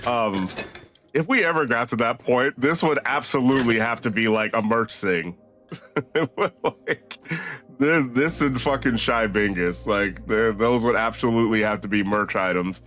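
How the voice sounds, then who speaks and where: A man's voice: medium pitch, unhurried, a bit bright. Giggly, tired man streaming a game. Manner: giggly, rambling, swearing. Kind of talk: casual gameplay commentary.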